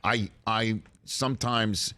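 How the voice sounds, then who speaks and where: A man's voice: lowish voice, fairly even intonation, slow, pushed and bright. A middle-aged man with a slight New York accent hosting a sports talk show, chatty and interviewing a guest in the studio. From Staten Island, New York.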